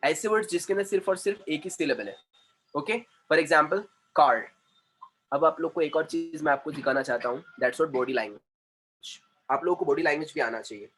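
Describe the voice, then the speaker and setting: High-voiced man teaching. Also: fairly bright tone, a little hiss or hum. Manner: repetitive, drawn-out spelling of syllables, mixes in Hindi. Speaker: communication trainer. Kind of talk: classroom grammar lesson.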